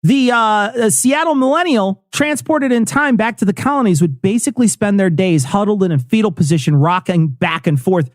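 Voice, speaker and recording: A man's voice: high voice, lively intonation, moderate pace, hardly any pauses, no room sound, clean studio sound. A man co-hosting a comedy history podcast, explaining events with jokes and frequent laughs. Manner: joking, laughs often. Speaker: podcast co-host.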